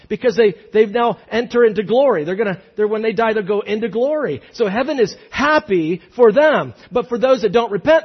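A man preaching a sermon, reading scripture and acting out voices, moving from loud emphasis to hushed asides. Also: sits high, breathy edge. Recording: dull lo-fi recording.

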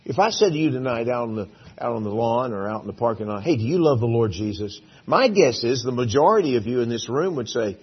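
Husky folksy preacher man. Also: medium pitch, lively intonation, quick pace, muffled recording. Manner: folksy storytelling, acts out biblical dialogue. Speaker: pastor. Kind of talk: sermon. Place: church sanctuary.

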